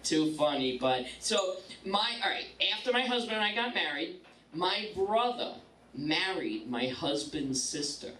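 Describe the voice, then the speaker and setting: A woman's voice: on the low side, animated, a little slow, slight background noise. A woman, performing a bawdy stand-up comedy set with punchy timing. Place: comedy club stage. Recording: roomy club sound from a distance, loud audience.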